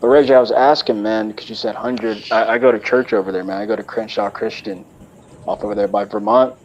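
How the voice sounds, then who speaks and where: Well-spoken low-voiced man from Dallas. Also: fairly even intonation, a little fast, a little mellow, highs cut off, a little hiss or hum. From Dallas, Texas. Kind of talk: casual live chat.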